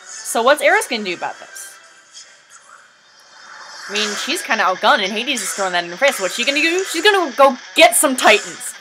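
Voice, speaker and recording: A woman with a high voice talks through a fan video in a chatty, wry way, now and then bursting out excitedly. Clear music plays under her the whole time. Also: a little fast, pauses often, low-quality recording. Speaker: video commentator. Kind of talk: casual comedic commentary over a fan video. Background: music from the video playing underneath.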